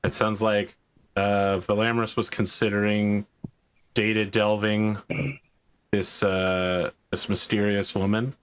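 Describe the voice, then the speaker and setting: A man running a tabletop game as game master, narrating and explaining in a measured way. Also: lowish voice, little pitch movement, a little hiss or hum.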